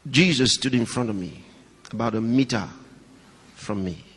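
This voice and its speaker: A male pastor preaching a sermon to a live congregation, swinging between raised, high emphasis and hushed, low storytelling, and putting questions and asides to the audience. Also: normal speed, slightly rough. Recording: long hall reverb.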